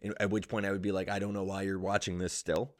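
A young male comedian ranting in a casual vlog, swearing often and jumping to loud, high peaks. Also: level tone, fast. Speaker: stand-up comedian.

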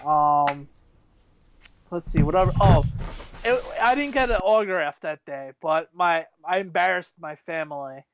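A man casually telling excitable, rambling stories, full of fillers and restarts. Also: fairly high pitch, unhurried, background noise. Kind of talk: casual storytelling chat.

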